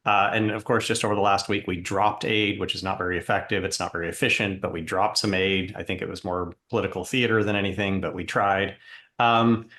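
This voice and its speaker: A man hosting a casual podcast discussion, measured as he steers the conversation. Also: sits low, fairly even intonation, bright, forceful tone. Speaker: podcast host.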